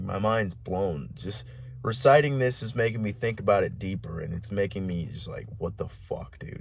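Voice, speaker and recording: A man's voice: on the low side, vocal fry, husky. A man hosting a podcast alone, rambling in a casual monologue with heavy swearing, lots of "like" and restarts. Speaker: podcast host.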